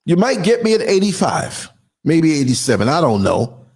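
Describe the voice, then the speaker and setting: A man's voice: fairly high pitch, big pitch swings, moderate pace, a little mellow, husky. A man, ranting in a heated, emphatic opinion monologue with mocking asides. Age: 60s. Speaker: commentary channel host.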